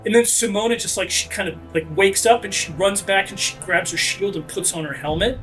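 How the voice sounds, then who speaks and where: A man as game master, narrating a tabletop role-playing fight with energetic delivery and shouted sound effects. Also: sits high, fairly quick, soft background music.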